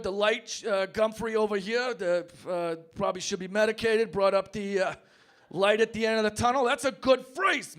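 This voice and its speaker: Brash high-voiced comic debater. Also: male voice. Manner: brash, mock-tough, swinging between shouting and mock-sobbing. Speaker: comedy debater. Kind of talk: stand-up comedy argument. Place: pub stage before a live audience.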